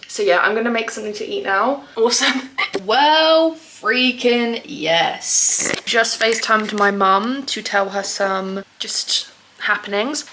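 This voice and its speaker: A woman's voice: medium pitch, a little hiss or hum. A young woman vlogging casually on holiday, self-mocking and swearing freely, sometimes dropping to a near-whisper. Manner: often drops to a soft near-whisper. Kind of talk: casual vlog chat to camera. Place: holiday terrace outdoors in a breeze.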